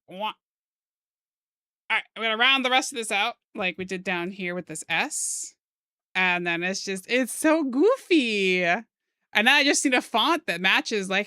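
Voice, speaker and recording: With a medium-pitched voice that sounds pushed and bright, a young woman talks over clean studio audio with no echo. She's drawing on a live stream, joking and chatting in a casual way. Her humor runs to goofy wordplay and silly put-on phrases.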